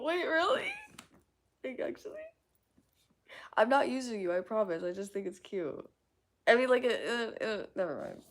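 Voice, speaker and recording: Woman, live streamer, casual chat, gravelly, bouncy intonation, frequent giggles, casual swearing. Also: medium pitch, very animated, normal speed, long pauses.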